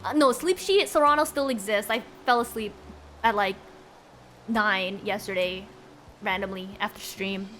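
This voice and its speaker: A woman's voice: medium pitch, moderate pace, a bit bright, slight background noise. A young woman streaming live, chatting casually and giggling with her viewers. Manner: giggly, bubbly, chats with viewers.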